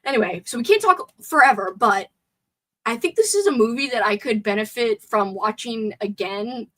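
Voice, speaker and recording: A woman hosting a casual live stream movie chat with a sore throat. She is chatty and excitable, and reads viewer comments aloud. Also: a little high, normal speed, poor audio.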